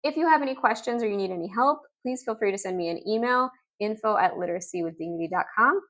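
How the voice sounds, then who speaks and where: Woman, phonics teacher, upbeat, sounds out letters carefully, mid-pitched. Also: fast talker, a bit bright. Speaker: literacy teacher. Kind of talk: instructional explainer video.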